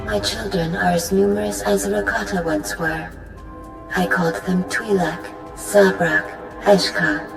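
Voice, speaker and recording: A woman voicing an ancient female AI creator who speaks in a measured, stately way, with an echoing, distant sound. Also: mid-range voice, fairly even intonation, natural voice. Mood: proud. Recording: roomy echo over loud music. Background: music.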